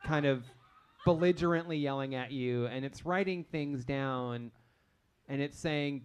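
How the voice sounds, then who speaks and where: A man running a tabletop game as game master, playful and quick with asides. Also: mid-range voice, a little mellow, smooth.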